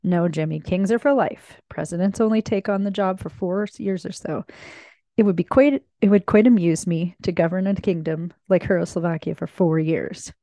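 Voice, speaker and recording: A woman's voice: on the low side, moderate pace, mellow, dry recording, natural voice. A woman voicing a clever, adventurous man in a read-aloud mystery, with a wry, self-assured delivery.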